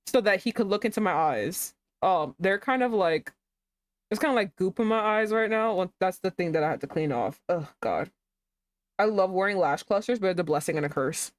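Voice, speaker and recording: A woman's voice: medium pitch, no echo. A woman streamer reading a romance game aloud and breaking off into sarcastic, swearing asides.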